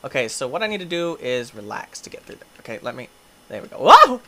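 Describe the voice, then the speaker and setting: A young man hosting a gaming video, giving excitable play-by-play commentary, often yelping, screaming at in-game injuries and laughing. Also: medium pitch, fast talker, slight background noise. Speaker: gaming channel host.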